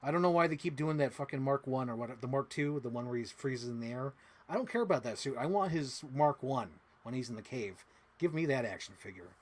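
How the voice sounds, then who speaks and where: A young man chatting casually as a toy collector, rambling, excitable and swearing freely. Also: mid-range voice, fairly quick. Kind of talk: casual unboxing chat.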